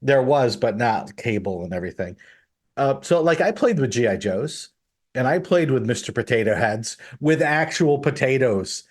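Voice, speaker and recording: A man with a mid-range voice hosts a gaming podcast in easy conversation. His pitch jumps up when he gets incredulous. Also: expressive, normal speed. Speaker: podcast host. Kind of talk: casual podcast chat.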